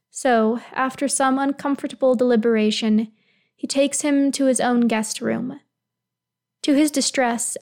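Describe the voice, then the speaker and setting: Woman calmly reading a story aloud. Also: fairly high pitch. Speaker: reader. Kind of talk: reading fan fiction aloud.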